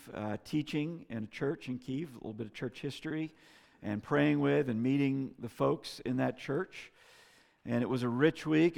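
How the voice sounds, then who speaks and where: A man preaching a sermon as pastor, telling a story in an earnest way that swings between loud and soft. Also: medium pitch, creaky. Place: church sanctuary. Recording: long reverb of a hall.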